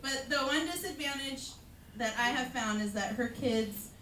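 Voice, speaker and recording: A woman's voice: high-pitched, moderate pace. A middle-aged woman doing a stand-up comedy set at a bar open mic, wry and self-mocking. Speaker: stand-up comic. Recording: echoey room, crowd laughter.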